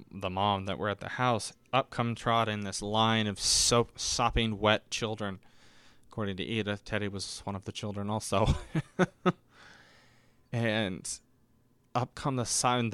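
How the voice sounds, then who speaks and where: A man with a low, smooth, resonant voice, chatting casually as a podcast host. He rambles through stories, restarts his sentences and slips into quick voices for the people in them. The sound is dry and close, with no room echo. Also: a bit bright. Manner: rambling, self-correcting, acts out quoted voices. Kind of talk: casual solo storytelling.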